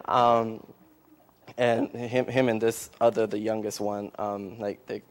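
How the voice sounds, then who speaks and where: A man, a missionary, speaking at a church service, giving an emotional testimony and then starting a sermon, halting with many fillers and restarts. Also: lowish voice, flat delivery.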